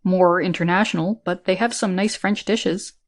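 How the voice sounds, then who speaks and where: A confident, smooth-talking man with a low voice, chatting easily in an audiobook, as a female narrator plays him. The tone stays relaxed and self-assured. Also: moderate pace, natural voice. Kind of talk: audiobook character reading.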